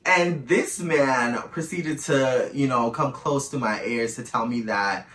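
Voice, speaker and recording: A man's voice: mid-range voice, takes it slowly, hardly any pauses, a bit bright, recorded from a distance. A man telling a candid personal story in a casual, chatty way, often calling the listener "girl", recorded in an echoey room a little away from the mic.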